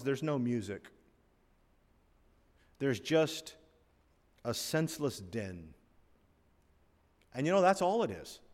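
Male preacher, conversational and wry, recorded in a reverberant sanctuary. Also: medium pitch. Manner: conversational preaching with asides and humor. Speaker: pastor. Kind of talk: sermon. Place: church sanctuary. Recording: long hall reverb.

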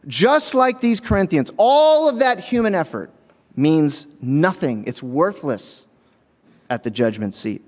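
A man preaching a sermon, telling a story and acting out the voices of people in it. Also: sits high. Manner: storytelling, acts out voices in quotes. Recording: long hall reverb.

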